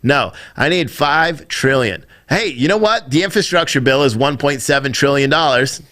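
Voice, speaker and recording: A man's voice: medium pitch, lively intonation, normal speed, sharp tone. Rambling man streaming live. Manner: rambling, profane, reads chat aloud. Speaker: live streamer, news show host. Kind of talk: casual live-stream commentary.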